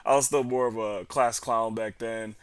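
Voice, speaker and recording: A man's voice: lowish voice, fairly even intonation, normal speed, clean tone, no room sound. A young man telling a story in a casual, rambling way, slangy and profane with lots of fillers. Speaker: vlogger.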